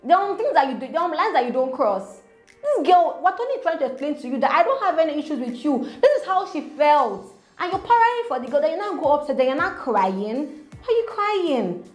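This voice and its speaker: Nigerian woman vlogger, high animated voice, echoey room with faint music under it. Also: fairly quick. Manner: animated, acts out quoted housemates. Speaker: reality show commentator. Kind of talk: casual recap vlog.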